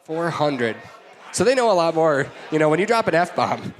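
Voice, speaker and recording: A man's voice: on the high side, sing-song, normal speed, heavy background noise. A man hosting a live podcast at a brewery, joking easily and laughing often. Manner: jokey, easygoing, laughs often. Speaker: podcast host. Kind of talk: live podcast chat with audience.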